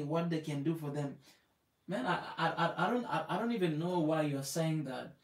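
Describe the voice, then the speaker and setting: A man's voice: on the high side, far from the mic. A man with an East African accent hosting a live stream, speaking with passion, repeating phrases and firing rhetorical questions at his listeners. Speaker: live show host. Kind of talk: impassioned live-stream talk. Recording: echoey room, voice off-mic.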